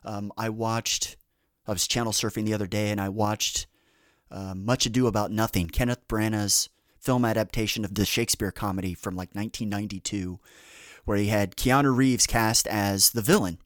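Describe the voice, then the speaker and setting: A man's voice: lowish voice, fairly even intonation, moderate pace, a bit bright, no room sound, clean studio sound. A man hosting a podcast in casual chat, rambling through tangents with lots of fillers and restarts. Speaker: podcast host.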